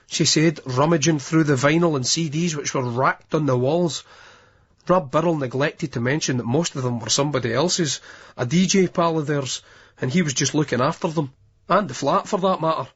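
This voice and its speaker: A man narrating an audiobook in a steady storytelling manner, in a dull lo-fi recording. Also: a little high, moderate pace, breathy edge. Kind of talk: scripted narration.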